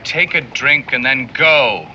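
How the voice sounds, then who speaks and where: A man's voice: mid-range voice, slow, bright, forceful tone, highs cut off, slight background noise. An actor playing a flustered army corporal who defers to his superiors and speaks brusquely to the townsfolk. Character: flustered male army corporal, dutiful and gruff.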